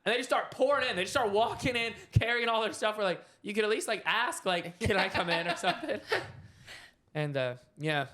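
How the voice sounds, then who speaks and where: Young dude with a high voice, chill and chatty, telling his side of a podcast story. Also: very animated, a little fast, sharp tone. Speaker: podcast co-host. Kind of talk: casual storytelling.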